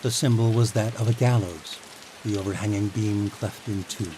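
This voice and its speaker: A man narrating a fantasy audiobook in a calm, even storytelling manner. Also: lowish voice, normal speed. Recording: steady rain noise behind voice.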